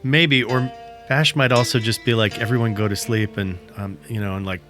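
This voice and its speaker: A man's voice: fairly low pitch, fairly even intonation, moderate pace, music in the background. A man playing in a tabletop game, chatting casually and describing his character's actions in a loose, rambling way. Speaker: player.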